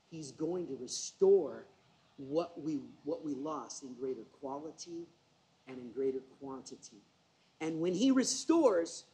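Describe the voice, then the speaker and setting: Husky-voiced man telling a sermon story. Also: a little high, moderate pace, rough recording. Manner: animated, conversational storytelling with self-deprecating asides. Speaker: preacher.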